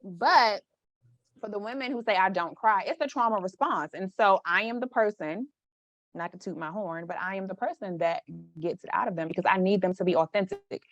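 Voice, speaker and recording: A woman's voice: medium pitch, fairly quick, no room sound. Frank, colloquial woman coach as podcast guest, dry muffled recording. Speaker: forgiveness and mindset coach, guest. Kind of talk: casual podcast conversation.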